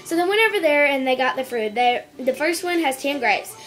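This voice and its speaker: A woman reading out a string of jokes for a home video, stumbling over words, restarting and clearing her throat. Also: high voice, lively intonation, fairly quick, fairly bright tone, soft background music. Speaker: joke-telling video maker.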